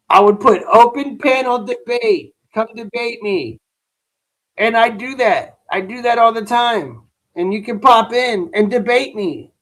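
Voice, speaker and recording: Slow, high-voiced man chatting on a livestream. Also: fairly bright tone. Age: adult. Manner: laid-back slangy talk, says bro a lot; dismissive toward a chat troll. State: tired. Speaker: livestream host. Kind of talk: casual livestream chat.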